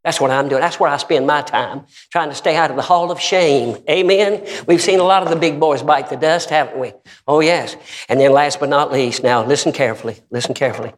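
A man preaching a fervent sermon in a large hall. He bursts into shouted praise and repeats emphatic questions to his listeners. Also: on the high side, expressive, fairly quick. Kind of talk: revival sermon. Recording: long reverb of a large hall.

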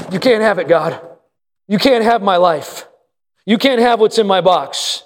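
High-voiced preaching man. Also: expressive, slow pace, pauses often, a little hiss or hum. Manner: preaching with rising shouted emphasis and call-and-response questions. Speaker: pastor. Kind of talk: sermon. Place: church service.

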